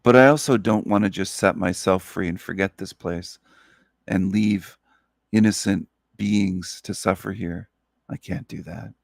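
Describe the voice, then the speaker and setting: Low gravelly sleepy-voiced man. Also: dry recording, studio quality. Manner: slow, earnest, repetitive phrasing. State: sleepy, up all night. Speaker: channel host. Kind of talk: solo spiritual monologue.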